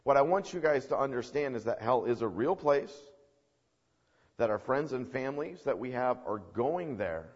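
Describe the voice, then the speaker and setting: A man's voice: mid-range voice, animated, moderate pace, slightly rough. A man preaching a sermon in an earnest, emphatic way. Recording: dull recording with long hall reverb.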